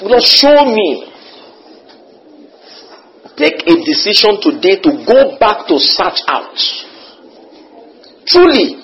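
A man preaching a sermon, swinging between quiet murmured prayer and excited high shouts. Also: dull audio.

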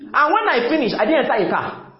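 A man preaching a sermon, repeating phrases emphatically and often shouting to the congregation. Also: very high-pitched, very animated, fast. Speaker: pastor. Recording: echoey, dull lo-fi church recording.

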